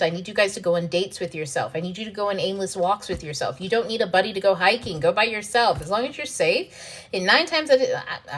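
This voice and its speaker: A woman who hosts and writes books, talking casually in a livestream and answering viewer questions, blunt and profane, laughing often. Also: mid-range voice. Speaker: author and self-development host.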